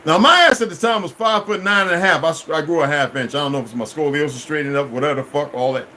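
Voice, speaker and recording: A man's voice: fairly high pitch, fast talker, pushed and bright, slight background noise, rough recording. Profane, rambling middle-aged man. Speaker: vlogger. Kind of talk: casual storytelling monologue.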